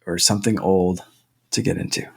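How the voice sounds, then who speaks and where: A man co-hosting a gaming podcast in relaxed, rambling casual chat. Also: deep voice, normal speed, vocal fry, breathy edge. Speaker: podcast co-host.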